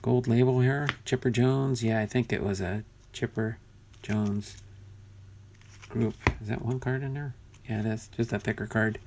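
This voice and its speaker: Gravelly man sorting cards aloud. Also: medium pitch, steady tone, a little slow, background noise. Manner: muttering, thinking aloud while sorting cards. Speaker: card collector vlogger. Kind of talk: casual unboxing commentary.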